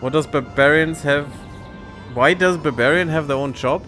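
Sarcastic guy chatting over a game, swears a lot, soft music under it. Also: mid-range voice, normal speed. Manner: joking, sarcastic, swears freely. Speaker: let's play host. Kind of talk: casual gameplay commentary.

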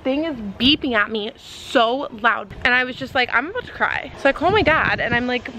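A woman's voice: on the high side, bright, forceful tone, a little hiss or hum, rough recording. A woman, chatting casually to a handheld camera in a vlog, laughing at herself. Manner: chatty and self-deprecating, quick to laugh. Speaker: vlogger and flight attendant. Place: out and about, at home and outdoors. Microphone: camera with flip-up screen at arm's length.

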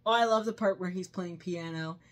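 A woman's voice: lowish voice, a little fast. A woman reviewing a movie in casual chat, laughing often as she retells scenes.

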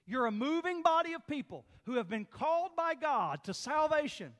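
Emphatic preacher in a reverberant church. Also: male voice, very high-pitched, sing-song, moderate pace, fairly bright tone. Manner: emphatic, repetitive preaching with rising and falling force. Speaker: pastor. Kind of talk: sermon. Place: church sanctuary.

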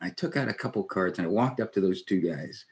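A man's voice: sits low, a little fast. A man in his sixties, a retired army general, telling earnest anecdotes in a conversational interview, quoting others and chuckling lightly. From United States.

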